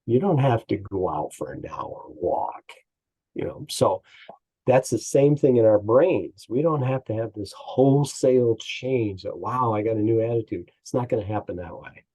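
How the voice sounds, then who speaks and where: A man's voice: medium pitch, animated, measured pace, warm tone, breathy edge, poor audio. A man speaking as an interview guest and business coach, telling folksy stories with chuckles. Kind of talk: casual interview talk.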